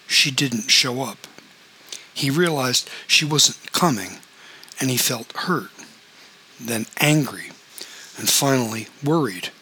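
A man narrating a novel in a steady, matter-of-fact storytelling manner. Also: medium pitch, slightly rough, low-quality recording. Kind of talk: audiobook fiction reading.

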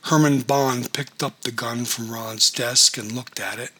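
A man narrating a story in an even, measured reading. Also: mid-range voice, slightly rough. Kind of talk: audiobook narration.

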